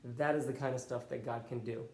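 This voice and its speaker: A man's voice: mid-range voice, fairly even intonation, fairly quick, a little mellow. A young man telling a personal faith testimony in an earnest, conversational way. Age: young adult. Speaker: college student and youth pastor. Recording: roomy echo.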